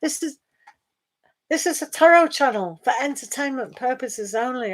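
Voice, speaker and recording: A woman's voice: high-pitched, expressive, moderate pace, noisy background. Chatty woman reading tarot. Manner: chatty and rambling, with frequent laughs. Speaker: tarot reader. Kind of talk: casual live-stream chat.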